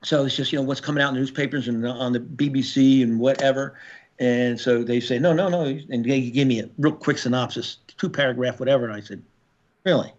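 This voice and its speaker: A man's voice: medium pitch, steady tone. Older man telling a gritty story. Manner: gritty and profane, with halting restarts. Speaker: guest, former Marine. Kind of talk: storytelling in a podcast interview. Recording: slightly dull lo-fi audio.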